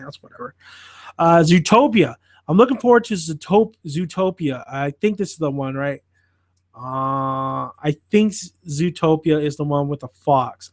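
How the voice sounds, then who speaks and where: A man hosting a podcast, chatting casually and rambling about films in an excitable, profane way. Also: fairly high pitch, no echo, clean studio sound. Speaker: podcast host reviewing films. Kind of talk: casual chat.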